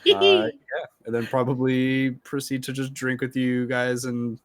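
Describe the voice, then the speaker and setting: A man playing a tabletop game, speaking in a relaxed, halting way with many fillers. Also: mid-range voice. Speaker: player.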